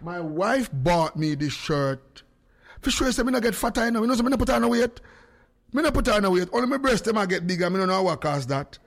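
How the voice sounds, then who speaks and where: High-voiced Jamaican man joking on a live stream. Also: very fast. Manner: animated, teasing, calls out to viewers by name. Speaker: livestream host. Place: his home studio.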